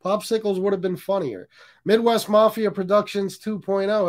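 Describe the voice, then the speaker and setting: A livestream host from the US Northeast talks in a high, brisk voice. He keeps things casual, joking around, swearing, and reading viewers' comments out loud.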